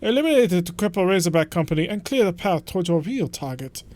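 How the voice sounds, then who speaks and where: A man reading a brisk mission briefing officer. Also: sits high, expressive, a little mellow, no room sound.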